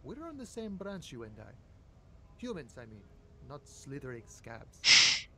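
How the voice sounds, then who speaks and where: A man's voice: medium pitch, huge pitch swings, a little slow, pushed and bright, full character voice. An actor voicing a friendly but cagey male gatekeeper who talks in a sly, confiding way. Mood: chummy.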